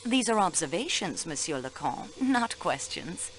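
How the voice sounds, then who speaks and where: An actress playing a sharp young female railway clerk questioning suspects in a video game, precise and polite. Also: on the low side, very animated, a little slow, slight background noise. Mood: pressing.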